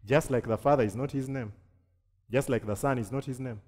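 A male pastor from Kenya preaching with animated energy, jumping into quoted voices and jokes. His voice sits at an average pitch and carries a long reverb tail, as if heard in a large hall. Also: brisk. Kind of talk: sermon.

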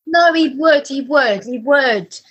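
A young woman co-hosting a podcast, playful and quick to laugh and riff on jokes. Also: sits high, a bit bright, muffled recording. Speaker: podcast co-host. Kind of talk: casual chat.

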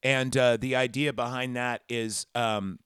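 A man recapping a film on his podcast, rambling and full of fillers. His voice sits at an everyday middle pitch. The sound is close and dry. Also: steady tone, measured pace, fairly bright tone, smooth, no room sound. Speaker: podcast host. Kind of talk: casual chat retelling a movie.

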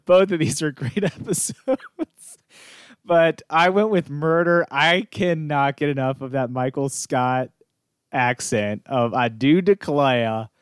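A man with a smooth, clear voice talks in a relaxed, easygoing way and laughs often. The recording is dry and close, with no room sound. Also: a little high, takes it slowly, no room sound. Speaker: podcast co-host. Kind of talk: casual chat.

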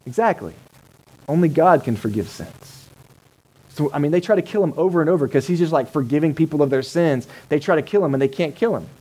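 Mellow-voiced pastor preaching casually. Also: male voice, on the high side, animated, a little fast, breathy edge, low-quality recording. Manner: conversational, asks the congregation rhetorical questions. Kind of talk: sermon. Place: church service held in a cinema.

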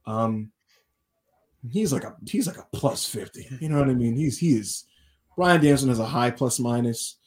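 Animated male podcast co-host. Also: medium pitch. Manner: animated storyteller, doing quick voices of people he quotes. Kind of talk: casual chat.

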